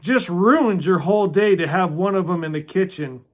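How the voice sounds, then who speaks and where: A man voicing a prim, self-righteous older church lady from a novel, with a prissy, drawn-out delivery. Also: high voice.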